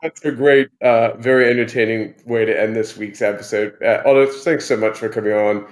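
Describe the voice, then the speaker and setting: Chatty host with a mixed accent. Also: male voice, on the low side, steady tone, brisk. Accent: mixed American-British. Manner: chatty, friendly, self-mocking. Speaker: podcast host. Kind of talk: casual interview chat.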